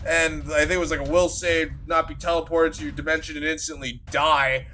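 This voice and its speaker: A man's voice: fairly high pitch, a little fast, slight background noise. A man who runs the game, casually recapping a tabletop session in a rambling, profane way full of filler words. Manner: animated, with sudden loud bursts. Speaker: game master.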